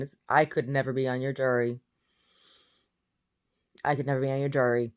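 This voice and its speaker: A woman's voice: a bass voice, steady tone, moderate pace, pauses often. A woman talks from her bed, still groggy with her first-thing-in-the-morning voice. She rambles through a casual monologue, blunt and full of opinions. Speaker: vlogger. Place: in bed at home.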